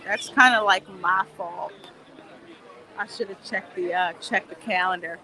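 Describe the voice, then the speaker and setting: With a crowd in the background, a woman walks through a theme park hosting a casual livestream, speaking in a mid-range voice at a slightly slow pace. She's chatty, laughs frequently and reads viewer comments aloud over faint outdoor noise.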